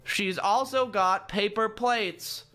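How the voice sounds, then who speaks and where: Taking his time, a high-voiced man performs a dramatic reading of fan fiction about himself. Frequent pauses let him toss in sarcastic asides, and the whole thing comes across animated and mocking.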